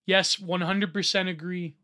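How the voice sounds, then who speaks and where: An excitable man reads a social media thread aloud and reacts as he goes, with a bright, sharp voice. He drops to a mutter, then bursts into shouting, and laughs often between lines. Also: high voice, a little slow. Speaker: online commentator.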